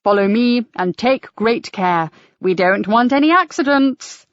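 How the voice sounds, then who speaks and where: A woman's voice: on the high side, expressive, measured pace, no room sound. A woman voicing a fussy, theatrical male church tour guide who announces things grandly. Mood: grand, courteous. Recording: dry, slightly dull audiobook recording.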